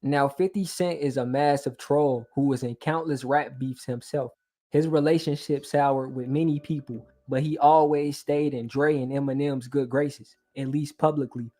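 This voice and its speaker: Man narrating a commentary, mellow tone. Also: mid-range voice, steady tone, moderate pace. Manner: argumentative, explains step by step. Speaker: commentary channel host.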